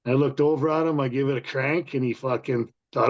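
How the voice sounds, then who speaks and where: A man's voice: mid-range voice, steady tone, moderate pace. A Canadian man hosting a casual chat, telling profane biker road stories. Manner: profane, storytelling. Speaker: podcast host. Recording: dull lo-fi sound.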